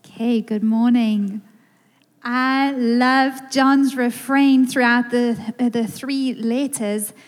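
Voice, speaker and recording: A woman's voice: a little high, fairly even intonation, slow pace. A woman with a South African accent, a guest preacher giving a conversational, playful sermon to a congregation in a church. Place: church sanctuary. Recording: reverberant church hall.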